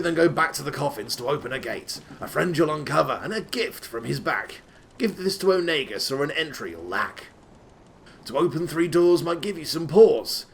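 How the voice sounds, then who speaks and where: A man's voice: mid-range voice, gravelly. A man giving a comic, theatrical reading of rhyming verse in a put-on rustic old-timey accent that keeps slipping, with sweary asides. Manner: breaks off into sweary, laughing asides. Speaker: reader of a game walkthrough.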